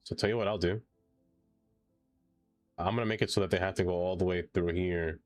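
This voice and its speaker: Game streamer, male, lower voice, playful and theatrical, light music under. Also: fairly even intonation, brisk, no echo. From not American. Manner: playful, theatrical groans, reads chat aloud. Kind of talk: casual live-stream chat while playing.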